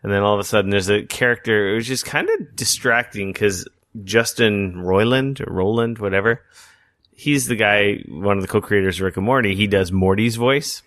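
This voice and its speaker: Male podcast host with a lowish, dry voice who chats loosely and swears a lot. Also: normal speed, fairly bright tone, dry recording. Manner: rambling, swears freely. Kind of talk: casual chat.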